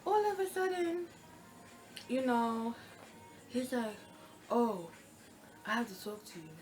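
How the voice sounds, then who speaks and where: A young woman casually telling a personal storytime, acting out the quoted lines with lively, animated retelling. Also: fairly high pitch, takes it slowly, soft background music. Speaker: storytime vlogger.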